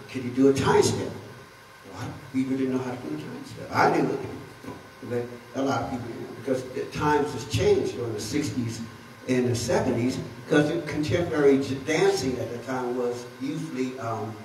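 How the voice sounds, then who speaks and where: A man's voice: mid-range voice, darkish tone, a little hiss or hum. A man on a festival panel telling rambling anecdotes about dance history, with laughs in between. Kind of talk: storytelling talk. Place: large hall at a festival. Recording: echoey room from far off.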